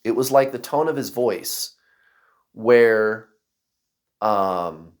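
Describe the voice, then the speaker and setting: A man casually telling a personal story to camera, acting out other people's voices and shouts. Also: lowish voice, drawn-out words. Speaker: vlogger.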